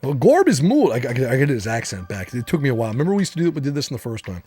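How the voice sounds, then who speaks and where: A man streaming a game, chatting casually and reading game text aloud in a relaxed, rambling way with frequent fillers. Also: medium pitch, very fast, husky, faint music behind.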